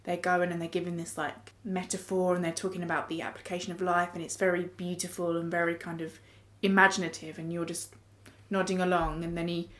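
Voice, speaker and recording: A woman's voice: fairly low pitch, flat delivery, fairly quick, few pauses, fairly bright tone. A woman in a casual group discussion, explaining her ideas in a reflective way.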